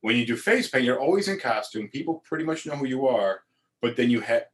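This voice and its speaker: A man's voice: mid-range voice, expressive, brisk. A man co-hosting a casual chat, telling stories with crude jokes and repeated words.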